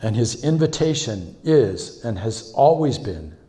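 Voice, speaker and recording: An American man from California preaching a sermon as a visiting speaker, telling stories in an encouraging, animated way and repeating key phrases. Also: medium pitch, measured pace.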